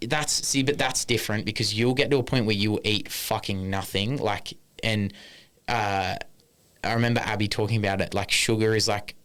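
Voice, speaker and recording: Male podcast co-host, casual and rambling, deep smooth voice. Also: steady tone, normal speed, a bit bright. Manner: rambling, swears casually, lists numbers. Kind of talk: casual chat.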